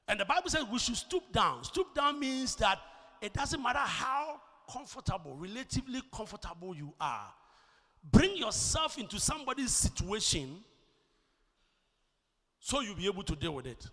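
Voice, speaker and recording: A man from Ghana with a Ghanaian English accent, preaching a sermon with emphatic, swelling delivery that rises to shouts on key points and repeats words as he starts a thought. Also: sits high, very animated, normal speed. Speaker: pastor. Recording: long reverb of a large church hall.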